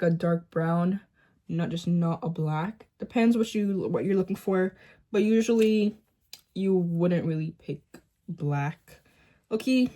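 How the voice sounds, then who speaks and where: A woman's voice: fairly low pitch, darkish tone. Chatty teenage girl doing her makeup. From Boston area, US. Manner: chatty, rambling, full of "like" and "um". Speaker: beauty vlogger. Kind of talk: casual chat while doing makeup. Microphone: phone camera at close range.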